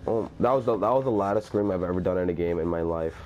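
A man's voice: deep voice, quick pace, darkish tone, muffled recording, a little hiss or hum. A man commentating a horror game, swearing constantly and shrieking when scared. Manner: panicky, constant swearing, screams in fright. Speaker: gaming host.

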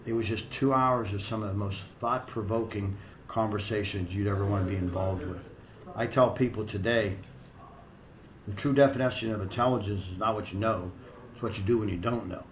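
Middle-aged american guy, low voice, swears a lot and rambles thru stories, slight hiss behind. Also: a little fast, low-quality recording. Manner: blunt, profane, rambling anecdotes. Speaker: strength coach. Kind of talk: casual interview storytelling.

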